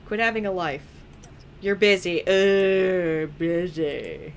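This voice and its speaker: A woman's voice: on the low side, slow, a little hiss or hum. A young woman chatting playfully through a let's play, teasing the characters and laughing often. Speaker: gaming video creator.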